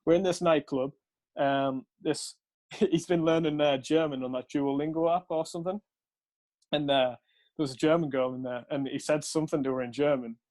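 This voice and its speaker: A man's voice: a little high, steady tone, moderate pace, a little mellow. A young man, casually telling a rambling night-out story, laughing and swearing between fillers. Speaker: podcast co-host.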